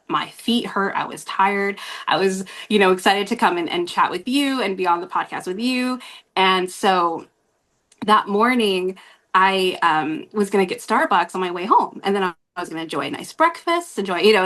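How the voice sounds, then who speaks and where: Casting: woman, guest host on a podcast, mid-pitched, chatty and rambling storyteller who laughs often. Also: fairly bright tone.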